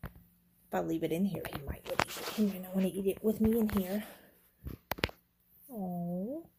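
A woman's voice: mid-range voice, steady tone, a little slow, background noise. A woman chatting casually in a home vlog, cooing tenderly at her cat and talking to the camera. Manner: coos and baby-talks to the cat, soft and tender. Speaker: pet vlogger. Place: room at home. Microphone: handheld camera.

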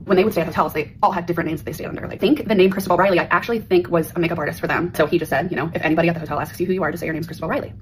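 A woman with a fairly low voice races through a casual storytime, bringing each quoted person to life with a changed voice. There is a faint hiss of room noise behind her. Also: low-quality recording.

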